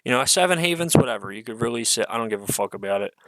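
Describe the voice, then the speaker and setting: A man's voice: medium pitch, lively intonation, rapid-fire, fairly bright tone, dry recording, low-quality recording. A man giving an unscripted solo rant as an online commentator, profane, exasperated and sarcastic, swearing often amid fillers.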